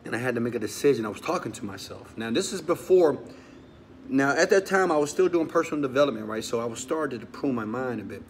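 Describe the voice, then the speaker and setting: A man, a motivational speaker, tells a personal story with strong feeling. He swings from loud urging to hushed confession and keeps asking his listeners questions. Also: medium pitch, expressive, fast talker, slight background noise. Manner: talks straight to listeners with questions.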